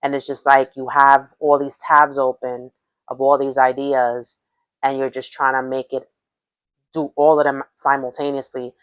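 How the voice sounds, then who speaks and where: A woman's voice: extremely low pitch, little pitch movement, measured pace, no echo. Rambling Spanish-accented woman tarot reader. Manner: rambling, repeats and restarts phrases, frequent "okay?". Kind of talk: casual tarot reading to viewers.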